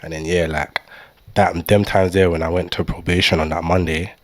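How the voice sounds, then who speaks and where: A man's voice: low-pitched, level tone, moderate pace. A young man telling a story in laid-back street slang as a podcast guest. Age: young adult. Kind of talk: casual chat.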